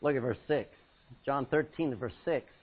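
A man's voice: medium pitch, normal speed, husky, phone-quality sound. A man preaching a sermon, acting out Bible scenes with laughs and sudden drops to a near-whisper. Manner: animated, acts out Bible scenes with laughs and dramatic drops in volume.

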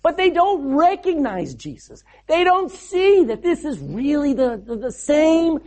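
Lively, animated preacher. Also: high voice, measured pace. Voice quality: animated storyteller, asks the congregation rhetorical questions. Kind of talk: sermon.

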